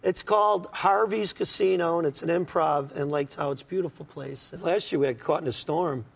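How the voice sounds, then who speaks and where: A middle-aged man, a comedian guest, telling an animated, exasperated story and acting out the scenes on a talk show. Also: a little high, fairly quick, creaky, breathy edge. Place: TV studio with audience. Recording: studio audience and noise.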